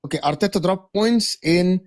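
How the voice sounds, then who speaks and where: A man's voice: high-pitched, moderate pace, a little mellow. A man in a heated casual football debate, interrupting and restarting his sentences. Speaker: football panel guest.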